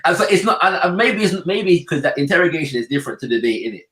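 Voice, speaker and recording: A man's voice: on the high side, very animated, fast, sharp tone, rough recording. Hesitant guy chatting. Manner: hesitant, repeats words, slang-heavy. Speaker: podcast host. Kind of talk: casual chat.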